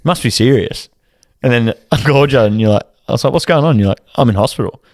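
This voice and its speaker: A man's voice: medium pitch, quick pace, darkish tone, no echo, clean studio sound. A man, co-hosting a podcast with frequent laughs and sweary banter. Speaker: podcast co-host. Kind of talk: casual chat.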